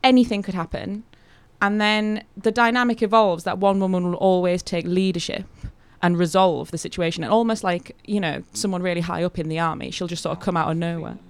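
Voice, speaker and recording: A woman comedian, from Hull, telling animated anecdotes in casual radio chat. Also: fairly low pitch, brisk, hardly any pauses, clean tone, no room sound. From Hull, England. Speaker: comedian guest.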